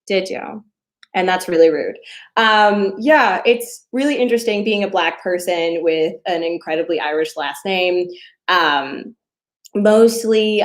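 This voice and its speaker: A woman in her twenties doing a stand-up set from home over a video call, telling a story with many fillers and playful asides. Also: lowish voice. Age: 20s. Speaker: stand-up comedian.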